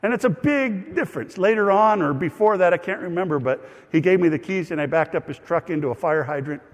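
Pastor, male, folksy self-deprecating sermon storyteller, lightly high voice, reverberant hall. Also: lively intonation, fairly quick. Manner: conversational storytelling with asides and self-deprecating humor.

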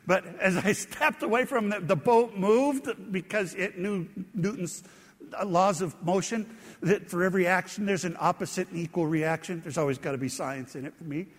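Man, pastor, high-pitched voice, self-deprecating storytelling sermon, long hall reverb. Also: normal speed, husky.

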